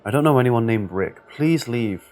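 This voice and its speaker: A man's voice: medium pitch, expressive, normal speed, a little mellow, lightly acted. A man voicing a polite, firm young woman.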